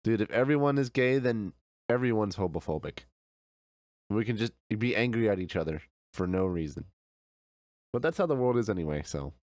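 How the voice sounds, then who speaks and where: A male streamer with a fairly low voice, talking through a game in a relaxed, chatty way and answering viewers as he plays. He speaks into a close mic with a dry sound. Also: moderate pace, pauses often, dry recording. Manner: easygoing, chatty, answers chat with frequent laughs. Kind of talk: casual gameplay chat.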